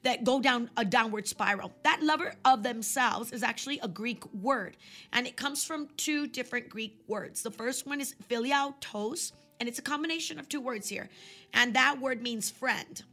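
A woman hosting her own podcast, teaching from scripture in a chatty, conversational way and slowing down to read verses. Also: a little high, sharp tone. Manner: chatty, many fillers, slows down for scripture. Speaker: podcast host and Bible teacher.

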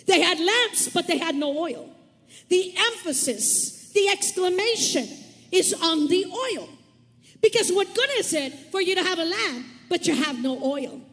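Very high-voiced woman preaching in a hall. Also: expressive, unhurried. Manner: emphatic, repeats key words, calls on listeners to shout back. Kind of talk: sermon.

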